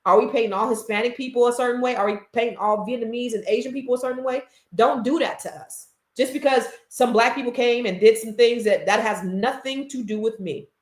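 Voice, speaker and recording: A woman's voice: fairly high pitch, a little fast, hardly any pauses. A middle-aged woman in a casual vlog rant, heated and emphatic, swearing freely. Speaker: social media commentator. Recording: roomy echo.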